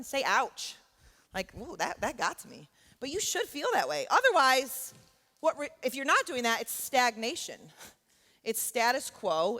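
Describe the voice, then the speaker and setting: A woman with a fairly high voice gives an earnest, conversational talk at church. She keeps checking in with her listeners as she speaks. Her voice rings with long reverb through the church hall. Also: fairly bright tone. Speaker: college teacher speaking at church. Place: church sanctuary.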